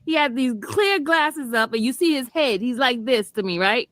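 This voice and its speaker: A woman trial vlogger spins a story for her viewers in a casual, chatty way, often breaking into laughter and calling them y'all. Her voice sits a little high and sounds close and dry, with no room echo. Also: animated, moderate pace, fairly bright tone.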